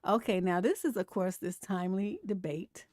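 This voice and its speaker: Woman host over forty, casual animated live-stream commentary, dry close recording. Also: mid-range voice, normal speed, no echo. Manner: chatty and animated, laughs often, reads comments aloud.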